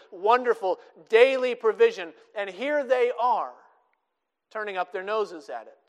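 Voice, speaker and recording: A male pastor with a notably high voice delivers an expository sermon. He quotes scripture with strong emphatic swings in his delivery. A long reverb trails his words, as in a big hall. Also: fairly bright tone. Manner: expository preaching, quoting scripture with emphatic rises.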